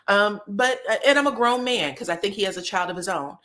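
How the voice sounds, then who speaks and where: A sassy woman talks straight to her live-stream chat, recapping a reality show in a loose, casual way. She swears freely and drops into quick impressions of the people she quotes. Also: medium pitch. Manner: animated, sassy, profane, quotes people in put-on voices.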